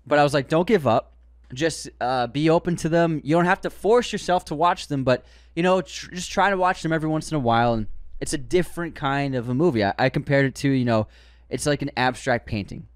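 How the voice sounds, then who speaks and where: A man's voice: fairly high pitch, brisk, clear, resonant tone, dry recording. A man with a Boston accent co-hosting a podcast, casually reading listener comments and laughing often. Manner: animated, laughs often, quotes comments in put-on voices. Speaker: podcast co-host.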